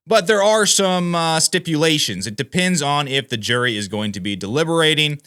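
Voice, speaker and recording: Animated, bright-voiced male commentator. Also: fairly high pitch, normal speed, clean tone. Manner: animated, emphatic, addresses viewers as guys. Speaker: political commentary host. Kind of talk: casual news commentary.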